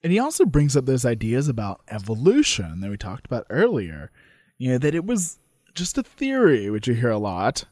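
A male podcast co-host chatting casually with a lively, animated pitch. He adds quick jokey asides, recorded dry and close with no room sound. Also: no room sound. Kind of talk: casual chat.

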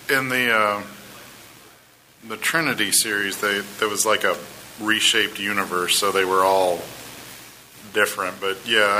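Casting: male artist guest, Tennessee accent, slow unhurried delivery, bright tone. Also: on the low side, a little hiss or hum, low-quality recording. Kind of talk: casual chat. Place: convention hall.

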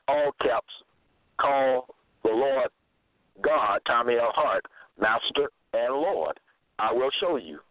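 A man's voice: medium pitch, no echo. Man preaching over a tinny, phone-like line. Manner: halting, searching for verses aloud; repetitive, insistent. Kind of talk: self-made religious monologue citing scripture. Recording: narrow phone-like sound, dry.

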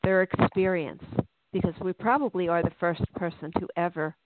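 A podcast host asking open questions and sharing reflections in a relaxed conversational way. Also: medium pitch, moderate pace, dry recording. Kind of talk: conversational interview. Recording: dry, tinny phone-like sound.

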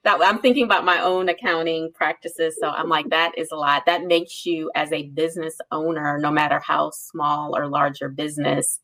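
A woman's voice: low voice, fairly even intonation, normal speed, hardly any pauses, sharp tone. A woman co-hosting an interview, chatty and engaged, reacting readily and steering the conversation. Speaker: co-host, interviewer. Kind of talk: casual interview chat.

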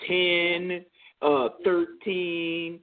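A man's voice: sits high, monotone, very slow. A man co-hosting a call-in talk show, speaking emphatically and often repeating himself. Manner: emphatic, repeats phrases, says "you know what I'm saying". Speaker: co-host. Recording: tinny phone-line sound.

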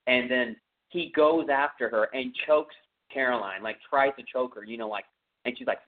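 A Texan-accented man with a medium-pitched voice and moderate pace hosts a podcast, casually retelling a horror movie's plot in a rambling way full of fillers. The audio sounds tinny, like a phone.

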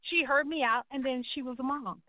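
A middle-aged woman, telling her life story as a talk show guest in an animated way, acting out voices and crying out to the Lord. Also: sits high, brisk. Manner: animated storytelling, acts out quotes, churchy exclamations. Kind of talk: personal testimony in a talk show. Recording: tinny phone-line sound.

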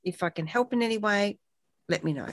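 A woman with a mid-range voice speaks fairly quickly, with no echo, as a guest on a support talk show. In casual conversation, she warmly and reflectively tells personal stories, acting out quoted dialogue.

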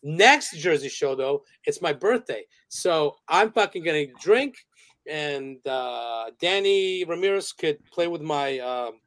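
A man tells a loose story as a podcast guest, rambling through fillers and restarts and breaking into laughs. His voice is a bit high for a man. The sound is close and dry. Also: lively intonation, slow, fairly bright tone, no room sound. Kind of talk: casual interview storytelling.

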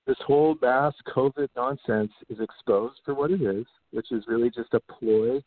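Animated male podcast host, middle pitch, swears often, narrow phone-like sound. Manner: animated, mimics others in raised voices; swears freely, says "like" often. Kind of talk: casual conversation.

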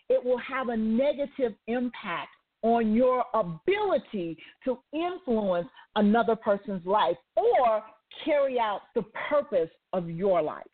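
A woman hosting a talk radio show, retelling a story with asides and turning it into a faith-based lesson. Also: on the high side. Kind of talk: motivational talk radio monologue. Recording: tinny phone-like line.

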